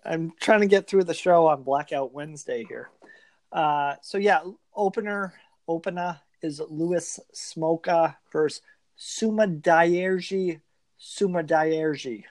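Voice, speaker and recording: A man's voice: fairly high pitch, slow, dry recording. A man co-hosting a casual podcast, reading out fight lineups with dry asides. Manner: reads lineups in a flat listing way, dry asides.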